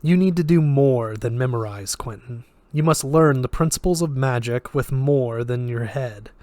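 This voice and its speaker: A man voicing a sardonic male magic professor who speaks in a flat, lecturing way with a Russian accent. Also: mid-range voice, moderate pace, no echo, close to an everyday voice.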